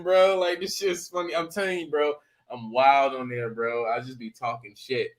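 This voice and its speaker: A man co-hosting a podcast, telling animated, profane stories in casual chat and laughing often. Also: a little high, moderate pace, few pauses. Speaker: podcast co-host.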